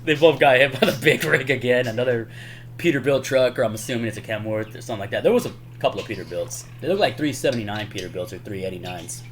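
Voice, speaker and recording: A man's voice: medium pitch, fast talker, a little hiss or hum. A man casually recapping favorite comedy movies on his channel, rambling and chuckling, peppering his talk with "man" and "y'all". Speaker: YouTuber.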